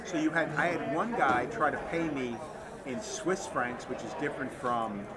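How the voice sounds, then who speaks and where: A man hosting a casual chat, laid-back and profane, with quick agreeing interjections. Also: mid-range voice. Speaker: podcast host. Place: busy tattoo convention. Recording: noisy convention crowd behind.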